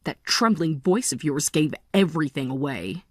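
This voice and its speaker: A woman in her forties playing a tired but resolute mother in a text-story drama, speaking in a calm, measured way. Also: deep voice, no echo, studio quality. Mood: calm resolve. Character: weary, resolute mother leaving her family.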